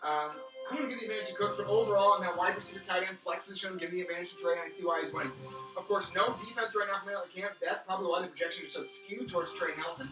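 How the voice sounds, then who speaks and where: Pitched high and racing along, a man hosts a mock sports-analyst fantasy football preview, rambling into pun tangents as his voice gives out. He's the league's host, recorded in a roomy space on a distant mic with music behind him.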